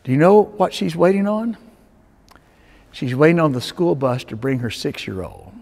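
Male pastor, sermon storyteller, animated and higher-pitched, big reverberant sanctuary sound. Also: moderate pace, vocal fry. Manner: storytelling with dramatic swings between loud urging and hushed tones. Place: church sanctuary. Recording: long reverb of a church sanctuary.

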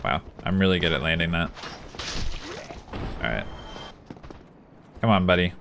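A man's voice: low voice, expressive, measured pace, vocal fry, background noise. A man commentating his own gameplay live, venting frustration and talking to his chat. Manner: frustrated, talks to himself and chat while playing. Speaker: gaming streamer. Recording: music playing behind.

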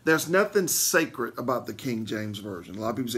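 A man's voice: brisk, creaky, hardly any pauses, slightly rough. A man, a pastor, teaching a Bible lesson with emphatic repeats and frequent "okay?" check-ins to his listeners. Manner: animated, swings between loud bursts and low asides.

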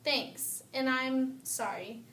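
A woman's voice: sits high, takes it slowly, fairly bright tone, distant mic, a little hiss or hum. A woman voicing a young boy lion in a storybook, defensive and then sorry. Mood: apologetic.

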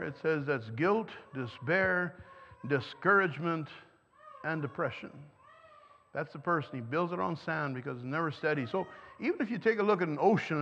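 A man's voice: sits high, creaky, a bit bright. A man preaching a sermon, earnest and emphatic, often asking his listeners questions. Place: church hall. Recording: dull sound, long reverb in a hall.

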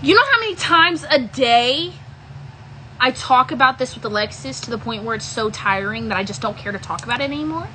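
A woman's voice: fairly high pitch, animated, brisk, pushed and bright, a little hiss or hum, poor audio. A woman hosting a livestream, ranting angrily at her viewers with heavy swearing and repetition. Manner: irritated, heavy swearing, repeats herself. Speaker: livestream host. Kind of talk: angry rant to live viewers.

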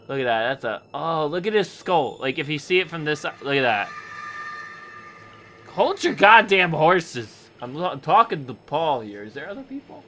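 A man's voice: a little high, pushed and bright, a little hiss or hum. Jumpy young man playing a horror game. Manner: nervous, jumpy, talks to objects, screams at scares. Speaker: gaming YouTuber. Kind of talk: horror game let's play commentary.

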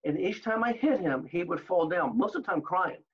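Husky older man telling lively stories. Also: high-pitched, normal speed, muffled recording. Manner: animated anecdotes, acting out quoted exchanges. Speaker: interview guest. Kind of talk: storytelling in an interview.

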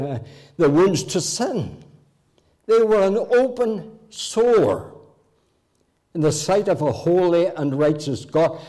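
An elderly man in his eighties with a Northern Irish accent preaches in a church, telling folksy stories from his childhood. His voice is fairly high for a man and swings up and down with lots of life. The tone stays warm and mellow. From Northern Ireland. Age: 80s. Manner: homely anecdotes with occasional restarts. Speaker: guest preacher. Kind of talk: folksy storytelling sermon.

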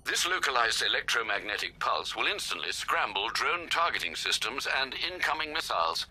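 Alfred, a formal old butler. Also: male voice, medium pitch, big pitch swings, moderate pace, bright, forceful tone, slightly rough, heavily acted, rough recording. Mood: courteous. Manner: formal, polite, dry wit. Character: loyal older male butler, dryly formal. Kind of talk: video game dialogue.

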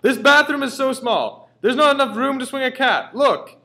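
Man doing a ranting father, high-pitched, shouting, indignant, lively swings. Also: normal speed, full character voice. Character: ranting middle-aged father, loud and high.

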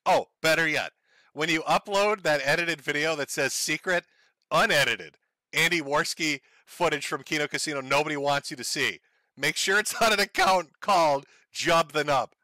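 A man's voice: fairly high pitch, normal speed, sharp tone, no room sound. A man doing casual livestream commentary on clips, mocking and profane, often breaking into laughter.

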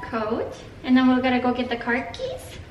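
A woman's voice: high-pitched, big pitch swings, moderate pace, lo-fi sound, slight background noise. A young woman vlogging as a stay-at-home mom, chatting casually to the camera and coaxing her toddler in a sing-song voice. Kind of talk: casual vlog narration and talking to her toddler.

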